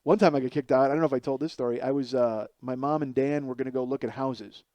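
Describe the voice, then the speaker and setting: A man's voice: medium pitch, steady tone, quick pace, mellow, no echo. Rambling, self-deprecating comedian in his forties. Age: 40s. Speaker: comedian podcast host. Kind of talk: comic storytelling monologue. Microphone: headset mic.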